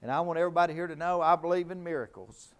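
A man's voice: fairly high pitch, rapid-fire, clear, resonant tone. A middle-aged man preaching a sermon in a fervent, emphatic way, repeating his key lines.

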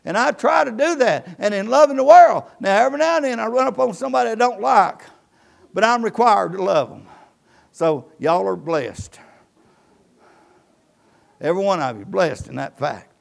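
Gravelly high-voiced pastor preaching. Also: male voice, lively intonation, normal speed, long pauses. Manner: preaching with rising and falling emphasis, quoting scripture. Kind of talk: Southern church sermon. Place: church.

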